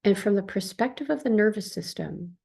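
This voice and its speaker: Calm woman reading her story, kinda gravelly, dark mellow tone. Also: medium pitch, a little fast. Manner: calm, soft and tender. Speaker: somatic therapist reading her own account. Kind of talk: first-person storytelling reading.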